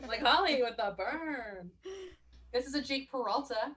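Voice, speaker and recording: A woman's voice: high-pitched, slow, a bit bright. Eager young woman reciting movie quotes. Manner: enthusiastic, quotes lines from the movie. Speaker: podcast co-host. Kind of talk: casual film chat.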